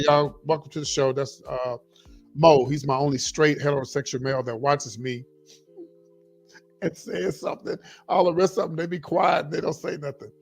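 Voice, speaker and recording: Middle-aged male livestream host, lively and a bit high-pitched, quiet music underneath. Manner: animated, repeats himself, talks straight to viewers as y'all. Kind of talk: casual livestream chat reading viewer comments.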